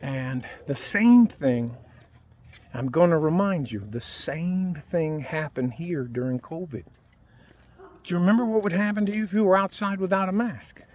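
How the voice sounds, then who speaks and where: A man from the United States rants into the camera, swearing freely and getting worked up as he goes. His voice sits a little higher than most men's. The delivery is blunt and confrontational, like someone venting to his followers. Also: moderate pace, a little mellow, lo-fi sound. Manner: profane, heated, ranting. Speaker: video blogger. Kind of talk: angry political rant to camera.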